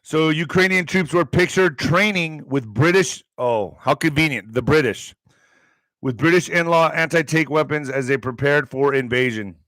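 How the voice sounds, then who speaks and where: A man with a fairly high, somewhat bright voice runs an online commentary show, reading headlines at a normal speed and cutting in with sarcastic, profane remarks. There's no room sound, but the recording is rough.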